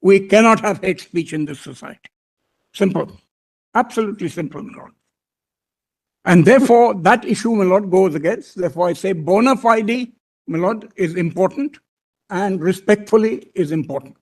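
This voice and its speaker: A man with an Indian English accent, his voice fairly high for a man and darkish in tone, argues a case before the judges. He is deliberate and respectful, repeatedly addressing the bench as he develops his point in measured courtroom style.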